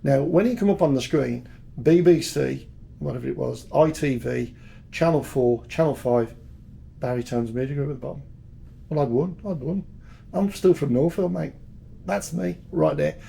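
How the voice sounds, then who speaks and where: A man's voice: fairly high pitch, normal speed, vocal fry, mellow. An older man with a Birmingham accent, a podcast guest telling candid, jokey stories from a long career in music and PR. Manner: chatty, jokey, repeats words as he goes. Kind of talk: candid anecdotal storytelling.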